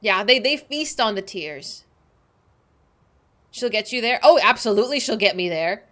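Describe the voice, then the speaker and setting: A woman's voice: mid-range voice, expressive, normal speed. A young woman streaming a game, chatting bubbly and giggly with her viewers. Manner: bubbly, giggly, greets chat warmly. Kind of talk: casual livestream chat.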